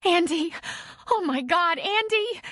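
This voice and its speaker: A woman voicing a frantic young mother in an audiobook, high and shrill. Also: expressive, measured pace, dry recording, clean studio sound.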